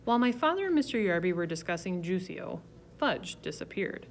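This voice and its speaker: A woman reading a children's chapter book aloud, telling it in a lively first-person voice. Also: lowish voice, brisk, slight background noise. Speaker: reader. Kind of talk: storybook narration.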